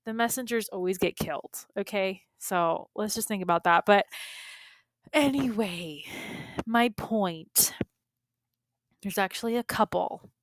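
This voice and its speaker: A woman's voice: medium pitch, dry recording. A middle-aged woman hosting her own podcast, casually and animatedly telling a personal story with lots of fillers and asides. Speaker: podcast host and beauty business coach.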